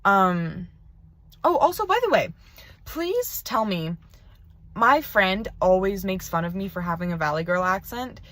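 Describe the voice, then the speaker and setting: A woman's voice: mid-range voice, animated, unhurried, a bit bright, no room sound. A teenage girl records a casual video message from her parked car, rambling and chatty with plenty of "like.". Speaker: video pen pal.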